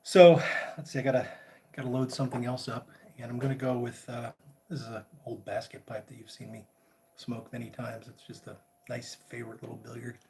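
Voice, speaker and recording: A man hosting a casual live chat, greeting viewers by name in a relaxed, friendly way. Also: mid-range voice, fairly quick, creaky, a little hiss or hum. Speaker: livestream host.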